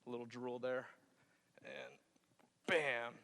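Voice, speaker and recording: A man's voice: mid-range voice, fairly even intonation, slow pace, bright, forceful tone. A man who served in Iraq, telling a playful, jokey personal story on stage and acting out scenes. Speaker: Marine veteran telling his story on stage. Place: theater stage. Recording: hall reverb.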